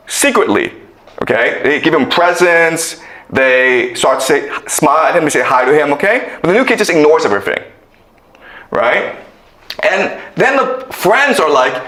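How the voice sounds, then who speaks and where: A man's voice: sing-song, unhurried, pushed and bright. A man giving a classroom lecture as a story, acting out the quoted characters and often asking "okay?" to check in. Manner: acts out quoted kids in higher voices. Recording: echoey lecture room.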